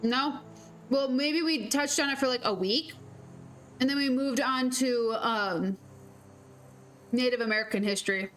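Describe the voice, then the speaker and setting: A woman's voice: high voice, unhurried, pauses often, faint music behind. A young woman from Minnesota chatting casually and rambling while streaming a game. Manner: rambling, filler-heavy. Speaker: gaming streamer. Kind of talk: casual let's-play chat.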